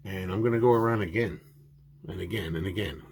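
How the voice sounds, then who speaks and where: A man casually showing off his autograph collection, chatty and enthusiastic, rambling with many filler pauses and restarts. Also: low-pitched, a little mellow, slight background noise. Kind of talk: casual show-and-tell narration.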